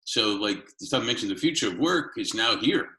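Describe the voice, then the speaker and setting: A man with a bright, forward voice that still sits fairly low asks long, winding interview questions. He often restarts a phrase and slips in a small laugh before finishing a thought. The recording sits in a roomy, echoey space. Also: lively intonation, brisk.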